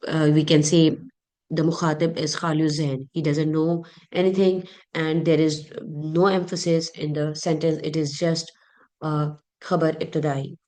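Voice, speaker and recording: A woman's voice: sits low, darkish tone. A woman teaching a review lesson, explaining terms step by step with frequent fillers. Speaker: Arabic rhetoric teacher.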